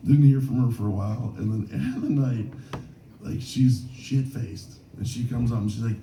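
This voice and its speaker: A man's voice: medium pitch, lively intonation, normal speed, crowd noise. A man performing live in a small bar, telling rambling, self-mocking stories between songs with many restarts. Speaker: singer-songwriter performing live. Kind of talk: stage banter between songs. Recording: roomy bar room from a distance. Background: guitar.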